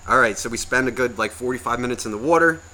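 Forceful, ranting podcast storyteller man. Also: mid-range voice, fast talker. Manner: profane, ranting, exasperated. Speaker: podcast co-host.

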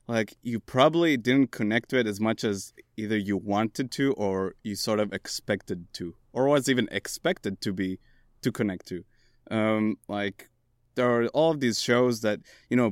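A man's voice: medium pitch, moderate pace, dry recording, studio quality. Young man rambling on a podcast. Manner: rambling, hesitant explaining with fillers. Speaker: podcast co-host. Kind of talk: casual podcast chat.

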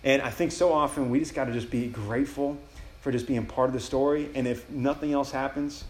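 Young male campus preacher, quick and casual, echoey room with faint background hum. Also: mid-range voice, steady tone, a little mellow. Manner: casual, enthusiastic, talks in quoted inner prayers. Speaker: campus ministry speaker. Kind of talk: retreat sermon.

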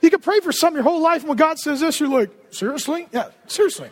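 Male pastor, very high voice, animated and joking sermon delivery. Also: rapid-fire. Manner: animated, humorous, conversational.

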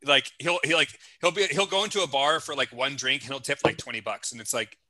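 A man's voice: medium pitch, quick pace, pushed and bright, no echo. A man in casual chat, jumping in to correct and add to a friend's story. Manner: emphatic, chiming in and correcting a friend.

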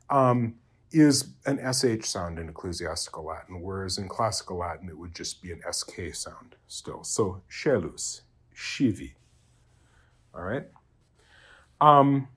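A man giving an informal spoken Latin lesson, hesitant and full of fillers, slowly sounding out example words and checking in with "okay?". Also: fairly low pitch. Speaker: Latin teacher.

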